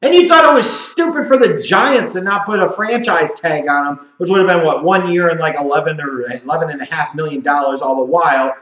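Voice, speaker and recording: A man with a high voice delivers a sarcastic, profanity-laced sports rant. His talk is animated and full of mockery. The room around him is echoey. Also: fairly quick, hardly any pauses. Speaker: sports commentator. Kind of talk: ranting sports commentary. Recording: roomy echo.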